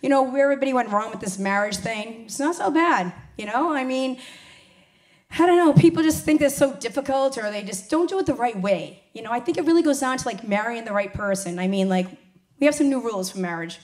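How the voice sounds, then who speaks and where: A woman's voice: a little high, expressive, brisk. A woman in her forties doing a blunt, profane stand-up comedy set.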